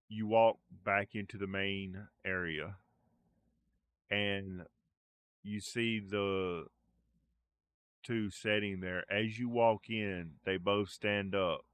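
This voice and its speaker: A man's voice: fairly low pitch, fairly bright tone, smooth, no room sound. A man narrating a tabletop role-play game as game master, in a loose conversational way with fillers.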